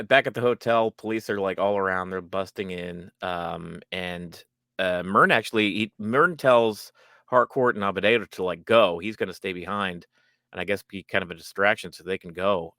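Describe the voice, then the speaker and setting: A man with a low, forceful, bright voice talks through a TV episode in casual podcast chat. He rambles with plenty of ums and restarts, often breaking into laughter. The sound is dry and close. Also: normal speed, no room sound. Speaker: podcast co-host.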